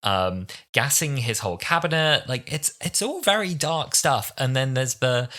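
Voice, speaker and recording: A man in his twenties chatting casually as a podcast co-host. His pitch swings widely and his tone is bright, and he throws himself into acting out the lines he quotes. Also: measured pace. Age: 20s. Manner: animated, acts out quotes with big pitch jumps. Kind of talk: casual chat.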